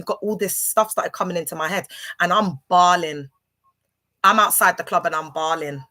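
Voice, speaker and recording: A London woman hosting a livestream tells a meandering personal story, packed with fillers and false starts. Her voice sits on the low side and sounds pushed and bright, moving at a normal speed.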